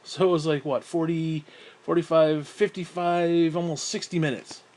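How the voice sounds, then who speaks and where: A man's voice: fairly high pitch, steady tone, normal speed, a little mellow. A young man rambling through a casual, profane vlog monologue, often breaking into laughs and sighs. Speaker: vlogger.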